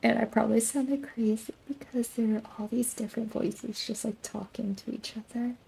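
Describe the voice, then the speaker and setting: A young woman streamer from the American South chatting sleepily, often dropping into a soft half-whisper. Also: on the high side, steady tone, moderate pace, creaky, a little hiss or hum. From Southern United States. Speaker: VTuber streamer. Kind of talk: sleepy late-night stream chat.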